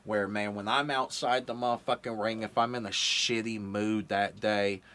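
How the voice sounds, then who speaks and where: A man's voice: fairly low pitch, fairly even intonation, moderate pace, bright, forceful tone. A man in his thirties hosting a podcast interview, talking casually and profanely with lots of fillers. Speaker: podcast host.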